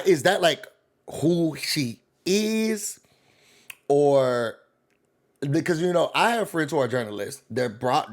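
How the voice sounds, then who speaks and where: A man hosting a reality TV recap, talking in a sassy, animated way as he riffs on the cast. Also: mid-range voice. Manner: sassy, animated, quotes cast members in voices. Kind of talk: casual commentary.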